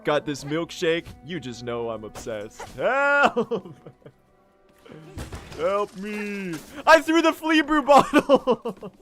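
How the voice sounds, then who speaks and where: A man's voice: measured pace, hardly any pauses, faint music behind, close to an everyday voice. A man imitating a panicked guy who screams for help while holding a milkshake. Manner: shrill frantic yelling.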